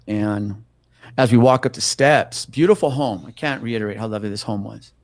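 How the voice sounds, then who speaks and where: A man's voice: fairly low pitch, normal speed, no room sound. Profane storytelling man, dry close sound. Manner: profane, animated, acts out the voices of people in his story. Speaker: police officer. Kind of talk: casual storytelling in an interview.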